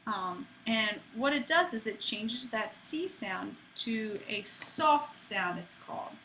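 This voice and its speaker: A woman's voice: a little high, bright, forceful tone, a little hiss or hum, poor audio. A woman teaching a French lesson to students in a chatty way, with playful asides. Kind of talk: classroom lesson.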